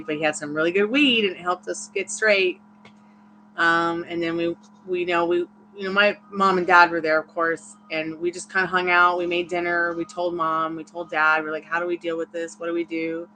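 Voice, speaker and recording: A tired woman, a tarot reader hosting a livestream, tells a long personal story in a casual, candid, rambling way, with frequent laughs. Her voice is on the low side, flat, pushed and bright at a moderate pace. The rough recording carries a little hiss or hum.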